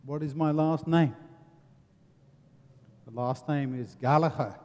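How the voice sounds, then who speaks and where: A man's voice: a little high, fairly even intonation, slow pace, pauses often. Earnest Englishman in a reverberant hall. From England. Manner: earnest, warm humour, rhetorical questions. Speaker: seminar presenter. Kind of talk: seminar discussion.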